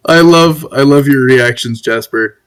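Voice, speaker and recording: A man's voice: medium pitch, unhurried, a bit bright, clear, resonant tone. Hesitant male tabletop player. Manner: hesitant, repeats words. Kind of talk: casual tabletop play.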